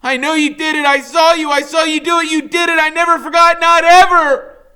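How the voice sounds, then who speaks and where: A man voicing a desperate teenage boy who shouts frantically. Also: very high voice, level tone, fairly quick, pitched above the performer's own voice. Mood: screaming.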